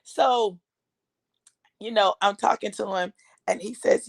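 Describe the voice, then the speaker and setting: A woman's voice: medium pitch, slow pace, creaky, long pauses, husky, no room sound. A woman in her fifties, an author and speaker, telling a personal story to her viewers in an emphatic, chatty way and calling them y'all. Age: 50s.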